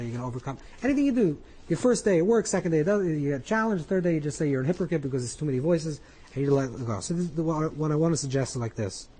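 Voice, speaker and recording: A man's voice: on the high side, mellow, husky, poor audio. A man, a rabbi, giving an earnest spoken Torah class, coaching listeners through their inner voices with frequent repetition.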